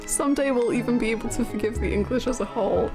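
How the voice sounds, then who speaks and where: A woman's voice: a little high, fast. A woman streaming a game, giggly and self-mocking, often breaking into laughter while voicing characters. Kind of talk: let's-play commentary, voicing characters. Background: game music.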